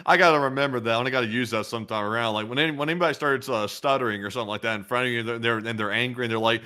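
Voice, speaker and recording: A man's voice: mid-range voice, racing, few pauses, bright, forceful tone. A young man co-hosting a casual chat, easygoing and laughing at his own stories. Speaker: co-host. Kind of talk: casual chat on current events.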